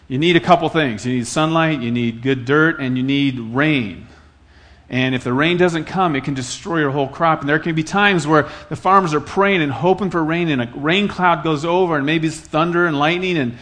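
A man's voice: on the high side, a bit bright. A middle-aged man from Iowa preaching a sermon in an earnest, conversational way, telling stories and repeating phrases for effect. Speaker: pastor.

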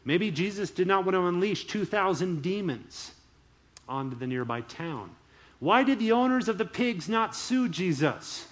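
A man preaching a sermon in an animated, emphatic way. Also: high-pitched, measured pace. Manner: animated, emphatic, chuckles often. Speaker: pastor.

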